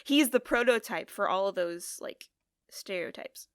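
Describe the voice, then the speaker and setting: A woman's voice: medium pitch, animated, unhurried, no echo, studio quality. A woman co-hosting a podcast in casual chat, rambling and giggly with a taste for puns. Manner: giggly, rambling, pun-loving. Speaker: podcast co-host.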